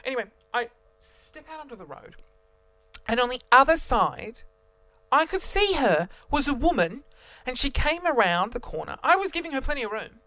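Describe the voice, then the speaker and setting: A young man telling a story to camera as a vlogger, animated and theatrical, jumping between voices. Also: very high voice, normal speed, dry recording.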